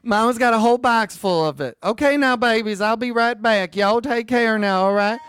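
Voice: medium pitch, moderate pace, fairly bright tone, clean tone, dry recording, clean studio sound, natural voice. A performer playing a neglectful, drunk hillbilly mother, drawling, coaxing and cursing.

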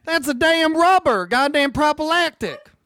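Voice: sits high, animated, moderate pace, fairly bright tone. A performer playing a neglectful, drunk hillbilly mother, drawling, coaxing and cursing.

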